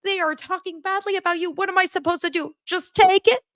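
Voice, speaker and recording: A woman doing a sarcastic, melodramatic parody of a whiny, self-pitying middle-aged husband in a high, mock-tearful voice. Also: fairly even intonation, fairly quick, no room sound, studio quality.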